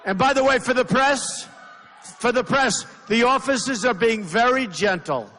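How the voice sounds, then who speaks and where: Hecklers interrupt a political candidate in his sixties as he gives an improvised rally speech, emphatic and full of repetition. His voice is very high-pitched, pushed, and bright, at a normal speed. The reverberant hall of the large indoor venue carries faint crowd noise.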